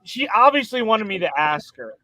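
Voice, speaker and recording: An American man hosting a casual chat, animated and laughing often as he acts out quotes. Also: on the high side, moderate pace, poor audio. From United States.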